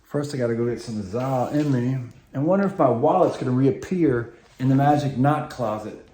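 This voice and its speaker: A man talks to camera in a loose, wandering monologue, hopping from one tangent to the next with plenty of hesitant "um"s. His voice sits in an ordinary middle pitch. The room around him rings with a noticeable echo. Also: moderate pace, warm tone. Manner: meandering, full of filler ums and tangents. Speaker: vlogger. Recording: echoey room.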